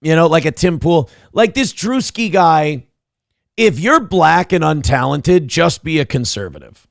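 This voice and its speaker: Gravelly, lively-voiced sarcastic male show host. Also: on the high side, measured pace, no echo, studio quality. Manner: profane, sarcastic, rambling riffs. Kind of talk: casual comedic commentary.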